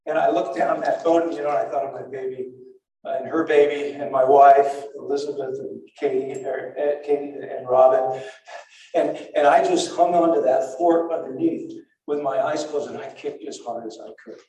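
An older man tells his story in halting bursts, stumbling over restarts and repeating words as he pushes on. His voice sits at an ordinary middle pitch. It is caught from some distance in a heavily echoing space. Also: fairly even intonation, dark tone. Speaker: survivor telling his story. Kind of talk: spoken first-person recollection. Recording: very echoey and far from the mic.

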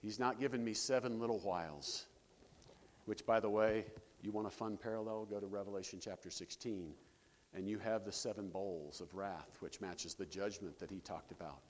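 A man preaching a sermon as pastor, animated, breaking scripture readings with joking asides. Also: low voice, normal speed. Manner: animated, jokey asides, reads scripture with rising emphasis. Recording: long reverb of a hall.

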